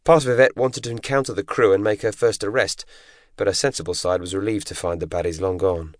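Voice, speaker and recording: Low-voiced male audiobook narrator. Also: steady tone, dry recording. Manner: measured, dramatic storytelling. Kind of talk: scripted narration. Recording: dry close studio recording.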